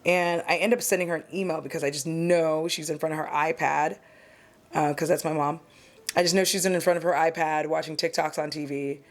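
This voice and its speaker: A woman with a deep, steady voice talks a little fast while doing her makeup at home. Her casual get-ready-with-me vlog has her chatting, rambling, and being candid and self-deprecating as a beauty vlogger.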